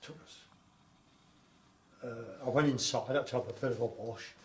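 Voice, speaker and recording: A man's voice: mid-range voice, moderate pace. Older man telling wartime stories. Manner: rambling storytelling with repetitions. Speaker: interviewee recalling wartime childhood. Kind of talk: oral history interview. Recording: echoey room, faint background noise.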